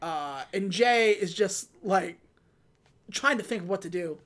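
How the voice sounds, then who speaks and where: A woman's voice: mid-range voice, animated, measured pace. A woman co-hosting a casual chat, retelling a movie's scenes step by step and acting out the characters' lines. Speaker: podcast co-host.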